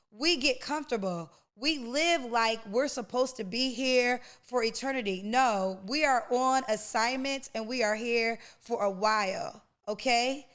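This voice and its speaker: A woman speaks in a smooth, rounded voice that sits a touch high. She talks like a preacher giving personal testimony, emotional and direct. She calls the listener honey and baby. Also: a little slow, few pauses, fairly bright tone. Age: 40s. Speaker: podcast host.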